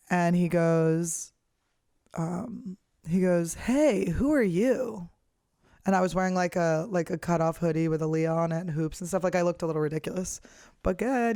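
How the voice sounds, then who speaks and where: A woman's voice: fairly low pitch, darkish tone, dry recording, clean studio sound. A woman comedian in her thirties telling a story in a casual, blunt, profane rant. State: hiccuping and burping. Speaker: comedian and host.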